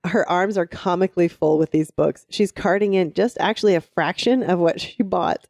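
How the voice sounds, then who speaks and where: Give me a woman co-hosting a book podcast with a mellow tone, enthusiastic and chatty, her voice close and dry. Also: fairly low pitch, normal speed, no room sound. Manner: gushing, laughing recap. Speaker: podcast co-host. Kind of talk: casual book discussion.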